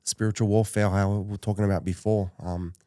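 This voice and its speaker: A man from Western Sydney tells his personal story as a podcast guest. He speaks haltingly and often restarts his sentences. His voice is fairly low and warm-toned, and the sound is dry and close. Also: little pitch movement, clean tone, dry recording. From Western Sydney, Australia.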